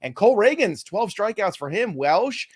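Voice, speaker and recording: A man's voice: high-pitched, very animated, moderate pace, husky. A man hosting a live fantasy baseball stream, talking in wry, self-mocking running commentary as he moves through the news. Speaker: host.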